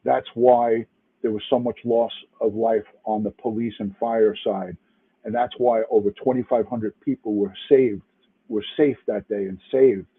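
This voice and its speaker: A man's voice: lowish voice, steady tone, unhurried, breathy edge. A retired police detective from New York City, angry and emphatic, cursing and restarting as he comments to a live chat. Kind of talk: livestream commentary. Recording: tinny phone-like line.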